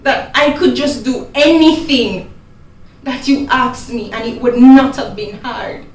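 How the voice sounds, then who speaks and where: Woman acting as a tired man begging in prayer, slow and halting, echoey room, mic far. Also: high-pitched. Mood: pleading. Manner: hesitant, pleading prayer. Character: weary man praying to his father, dreading his fate. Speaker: drama ministry actor. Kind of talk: stage monologue.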